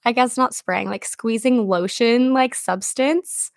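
Gravelly-voiced young woman telling a story. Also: on the high side, takes it slowly, no room sound, clean studio sound. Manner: chatty storytelling, many fillers. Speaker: podcast co-host. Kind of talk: casual chat.

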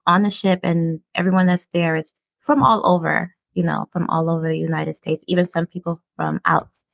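A woman's voice: fairly low pitch, steady tone, normal speed, vocal fry, no echo, lo-fi sound. A woman from Brooklyn, New York, co-hosting a podcast and telling candid personal stories in a casual, filler-laden way. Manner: candid, storytelling with frequent fillers. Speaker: podcast co-host. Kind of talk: casual conversation on mental health.

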